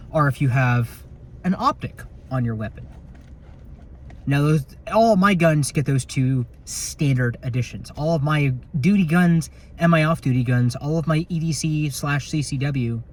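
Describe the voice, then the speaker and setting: A man's voice: medium pitch, a little mellow, a little hiss or hum. A man working as a security officer, vlogging casually into his phone from inside his patrol car at night, rambling and joking with some swearing. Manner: rambling, joking, slightly profane. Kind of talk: casual vlog while on patrol. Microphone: phone camera in a car.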